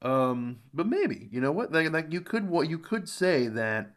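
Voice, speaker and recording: An American man hosting a reaction video, thinking aloud in casual commentary, rambling and jumping into sudden high exclamations. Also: a little slow. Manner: rambling, thinks aloud, animated jumps in pitch.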